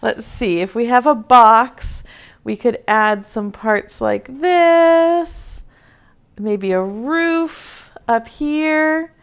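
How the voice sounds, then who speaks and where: A woman teaching preschool over a video call, reading a picture book aloud in a gentle, playful way and asking the children questions. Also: on the high side, drawn-out words, smooth.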